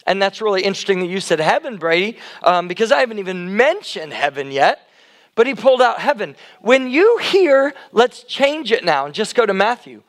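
Loud, high-voiced male pastor. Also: very animated, fairly quick. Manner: loud, conversational, asks the congregation questions. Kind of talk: interactive sermon.

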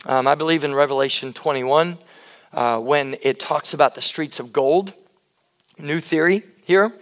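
A middle-aged man preaching a conversational sermon, loud and chatty, often putting questions to the congregation. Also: fairly high pitch, measured pace. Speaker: pastor. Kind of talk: interactive sermon.

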